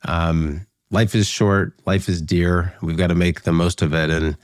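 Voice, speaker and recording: A man's voice: low voice, steady tone, a little slow, no echo, clean studio sound. A man hosting a podcast interview, speaking in an appreciative, conversational way. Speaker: podcast host.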